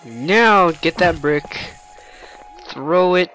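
A man's voice: a little high, drawn-out words, sharp tone. A man hosting a gaming video, thinking aloud and joking as he plays. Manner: joking, chatty, thinks aloud, laughs at his own jokes. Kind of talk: let's-play commentary. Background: game music.

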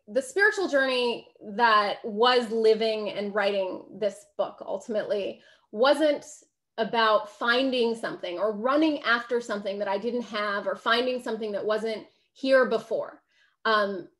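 A woman gives a public talk about her book in a chatty, emphatic way. Her voice sits a little higher than most women's, and she laughs easily as she keeps asking the room "right?". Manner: conversational, emphatic, laughs often, frequent "right?". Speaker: author giving a book talk.

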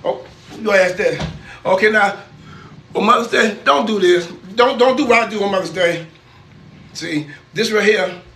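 High-voiced older man, preachy and defensive. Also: normal speed, fairly bright tone, reverberant. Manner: defensive, preachy, repeats himself. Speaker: uncle on a livestream. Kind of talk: casual livestream banter.

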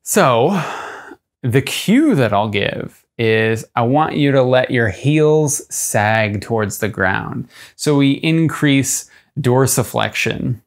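A man's voice: medium pitch, lively intonation, takes it slowly. A young adult man, a strength coach, explaining a training idea in a loose, conversational way, with fillers and self-corrections. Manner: demonstrates push-ups while talking. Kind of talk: casual instructional talk to camera.

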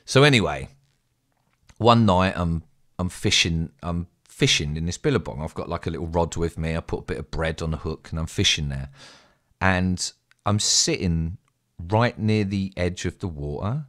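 An English man telling a rambling, sweary story in a casual, animated way as a streamer. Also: low voice, normal speed. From England.

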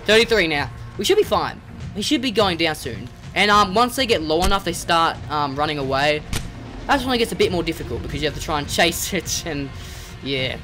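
Excitable young gamer, high and lively. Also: male voice, brisk, faint music behind. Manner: excitable, rambling, yelps at game creatures. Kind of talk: let's play commentary.

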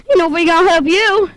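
A woman giving casual, excitable gameplay commentary, giggling and talking to the game as she plays. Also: very high-pitched, no echo, poor audio.

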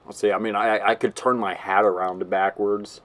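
A man's voice: fairly low pitch, little pitch movement, moderate pace, a bit bright. A man giving casual gameplay commentary, rambling and giggling as he mocks himself. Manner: rambling, giggly, self-mocking.

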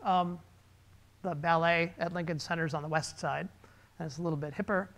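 A man, a designer, giving a relaxed, conversational presentation with slides, pausing with fillers. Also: fairly high pitch.

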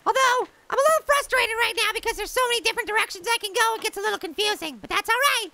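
Very high-pitched giggly woman gamer. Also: fast talker, vocal fry. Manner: bubbly, giggly, exclaims at surprises. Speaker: gameplay commentator. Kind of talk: gaming let's play commentary. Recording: noisy home recording.

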